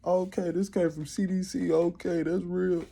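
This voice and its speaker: A man's voice: sits high, flat delivery, gravelly, mellow, breathy edge, pitched above the performer's own voice, full character voice. A man voicing a gullible average guy who eagerly believes whatever he is told, in a raised, mocking voice. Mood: naive. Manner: eager, trusting, quick agreement.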